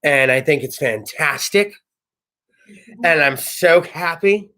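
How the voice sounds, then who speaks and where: A man hosting a casual comedy talk show, telling stories in a brash, profane, animated way. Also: a little high, slow. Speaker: host.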